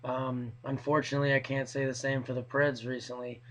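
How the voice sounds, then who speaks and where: A hoarse man talking casually in a rambling, hesitant way as a hockey fan vlogger. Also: medium pitch, little pitch movement, fairly quick, fairly bright tone, poor audio. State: hoarse from yelling. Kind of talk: casual video blog.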